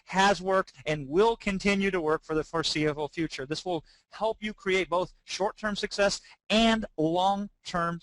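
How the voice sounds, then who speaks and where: A man introduces a webinar in a jokey, salesy way. His voice is high for a man. The recording is dry and close. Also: fairly bright tone, no room sound, low-quality recording. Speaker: company CEO and webinar host.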